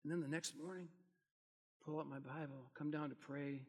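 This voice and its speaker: A man preaching a sermon as pastor, earnest, swelling loud on key phrases and dropping quiet between them. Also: medium pitch, fairly even intonation, normal speed, long pauses, husky. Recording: long hall reverb.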